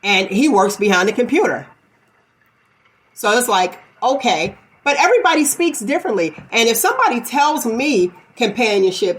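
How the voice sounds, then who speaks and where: Emphatic woman host holding the floor. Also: fairly high pitch. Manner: emphatic, repeats herself to hold the floor. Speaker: podcast host. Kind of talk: casual debate talk.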